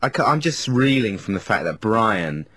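A man's voice: on the low side, big pitch swings, normal speed, fairly bright tone, husky. A man hosting a radio show, chatty and self-mocking. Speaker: radio DJ and co-host. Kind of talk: casual radio banter.

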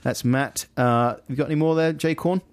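A man's voice: medium pitch, normal speed, dry recording. A man co-hosting a casual chat show, reading listener emails aloud and laughing often. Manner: animated, laughing, puts on voices for quoted lines. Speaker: podcast co-host.

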